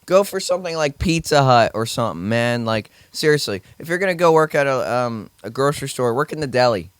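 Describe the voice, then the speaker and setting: A man's voice: medium pitch, lively intonation, fairly quick, clear, resonant tone, dry recording. Young man ranting profanely. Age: young adult. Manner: profane, sarcastic, rambling. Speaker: grocery store worker venting. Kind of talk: casual rant to camera.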